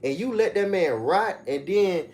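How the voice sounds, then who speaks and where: Profane, animated man ranting on a livestream. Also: a little slow. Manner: animated, profane, mocking rants with sudden high-pitched outbursts. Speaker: livestream host. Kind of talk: casual livestream commentary.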